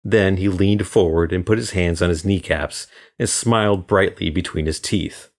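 Man from florida, audiobook narration, deep voice, measured even delivery. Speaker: guest narrator.

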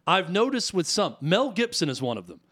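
A man's voice: high voice, sing-song, a little fast, a bit bright. A man co-hosting a studio talk show, asking a guest long, curious questions. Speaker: co-host. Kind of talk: radio talk show interview. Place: radio studio.

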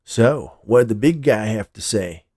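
A man's voice: fairly low pitch, expressive, measured pace, mellow, dry recording, studio quality. A man voicing a pushy, nosy male security guard who coaxes and pries, in a storybook reading. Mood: coaxing. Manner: coaxing and prying.

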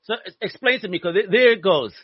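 Excitable Brooklyn man, high lively voice. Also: fast, husky, no room sound, highs cut off. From Brooklyn, New York. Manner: excitable, slangy, swears freely. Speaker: host. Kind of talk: casual chat.

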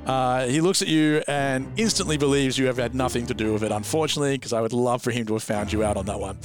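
Joking dungeon master. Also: male voice, mid-range voice, fast, hardly any pauses, music in the background. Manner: joking, laughs often. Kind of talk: narrating a tabletop game.

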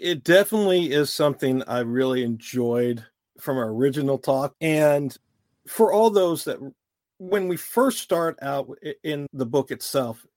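A man's voice: fairly high pitch, no room sound, studio quality. A male podcast host talking with a guest author, thoughtful and a little hesitant as he searches for words. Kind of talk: interview conversation.

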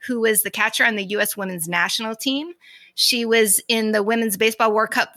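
A woman's voice: a little high, steady tone, brisk, sharp tone, no echo. A woman co-hosting a casual sports podcast, sharing news in an earnest, informative way. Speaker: podcast co-host.

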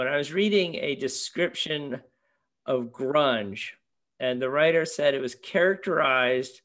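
Unhurried man asking questions. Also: medium pitch, a bit bright. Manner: leads the talk, asks questions, searching phrasing. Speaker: podcast host. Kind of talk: casual music chat.

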